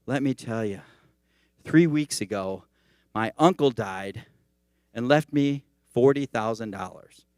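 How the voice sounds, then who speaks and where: A man's voice: mid-range voice, slow, pauses often, a little mellow, clear, resonant tone, dry recording, clean studio sound, natural voice. A man putting on the voice of a self-pitying man who moans about his fortune. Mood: woeful. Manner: whiny, woeful complaining.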